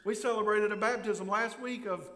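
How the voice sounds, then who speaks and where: A man's voice: sits high, steady tone, moderate pace, fairly bright tone. A man preaching a sermon as pastor, earnest, and rising to impassioned outcries when he voices prayers. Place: church sanctuary. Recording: echoey church hall.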